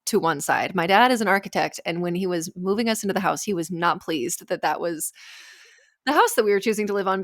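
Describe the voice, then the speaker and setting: A woman's voice: medium pitch, a bit bright, no room sound, studio quality. A woman, co-hosting a podcast as a doctor, chatting casually and explaining medical terms plainly. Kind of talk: casual chat.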